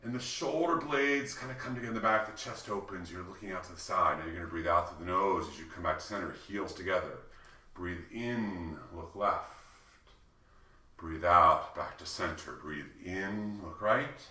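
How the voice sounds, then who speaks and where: A man with a very low but bright, forceful voice leads a qigong class, calmly calling each breath in and out. He slips in light, joking asides between the cues. He sounds a little away from the mic in an echoey room. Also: moderate pace, far from the mic. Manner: calm, cueing breaths, with playful asides. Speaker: qigong instructor. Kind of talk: guided movement instruction.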